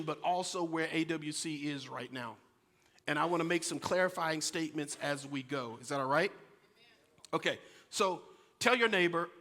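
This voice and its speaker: Bright-voiced pastor preaching a sermon. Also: male voice, on the high side, big-room sound. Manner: storytelling, animated, addresses congregation. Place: church sanctuary.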